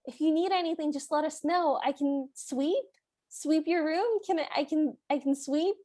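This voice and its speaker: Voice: high voice, normal speed, mellow, natural voice. A woman doing a fawning, stammering stagehand. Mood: eager. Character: fawning, eager theater stagehand.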